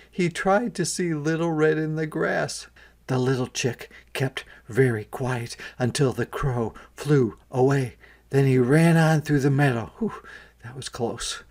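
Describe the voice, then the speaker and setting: A man, a kindergarten teacher, reading a picture book aloud to young children and pausing to explain words. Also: medium pitch, darkish tone.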